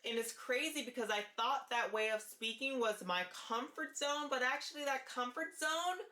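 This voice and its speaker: A woman talking to camera in a casual vlog, with a light, forward-placed voice and an earnest, deliberate way of repeating her key points. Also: high-pitched, bright, forceful tone, roomy sound. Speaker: vlogger sharing voice therapy progress.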